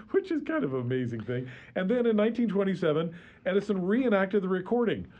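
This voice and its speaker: Guesting on a radio show, a man chats casually about history, chuckling often and speaking haltingly with many fillers and restarts. His voice sits high and sing-song, heard with phone-quality sound.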